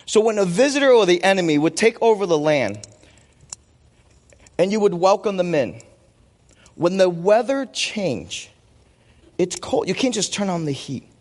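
A male pastor with a high, lively voice that swoops up and down as he preaches. He is playful and joking with a volunteer on stage. His words ring out with the long reverb of a church hall. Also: a little slow, long pauses. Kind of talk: sermon.

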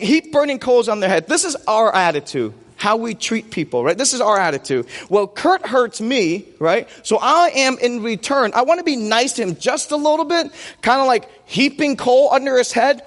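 A man's voice: very high-pitched, expressive, normal speed, big-room sound. A man preaching a sermon as pastor in a church, playful and joking with a volunteer on stage.

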